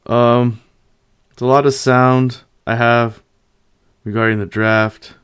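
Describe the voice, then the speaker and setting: A man's voice: medium pitch, flat delivery, slow pace, fairly bright tone, clear, resonant tone. A man hosting a casual sports commentary, upbeat and loose with plenty of fillers. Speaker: podcast host.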